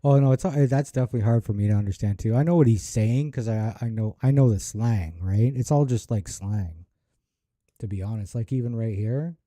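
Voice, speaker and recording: Canadian guy from Ontario, loose rambling reaction host; voice is very dark and warm, recorded dry. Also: fairly low pitch, fairly quick, no echo. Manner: rambling, searching for words. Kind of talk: casual reaction commentary.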